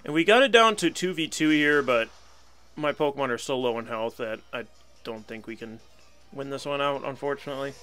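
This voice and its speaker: A man's voice: medium pitch, brisk, pushed and bright, soft background music. A young man giving casual live commentary on a video game battle, wry and resigned, laughing at himself now and then. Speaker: gaming channel host.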